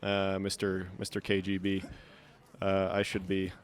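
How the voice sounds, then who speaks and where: A man streaming a video game live, talking to himself and his viewers as he plays. He jokes, thinks aloud and chats casually. His voice sits a little low. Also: monotone, unhurried. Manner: chatty, joking, thinks aloud. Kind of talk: live gameplay commentary.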